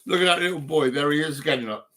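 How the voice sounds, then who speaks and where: An older man holds forth in an angry, profane rant, piling up insults and tag questions. His voice sits a little high and comes out sharp and tense. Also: quick pace. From United Kingdom. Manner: bitter, swearing, repetitive with tag questions. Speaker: vlogger.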